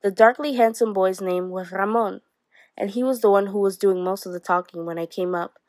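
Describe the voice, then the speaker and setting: A woman teacher reading a novel aloud to her class in a steady storytelling manner. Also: mid-range voice, fairly quick, dry recording.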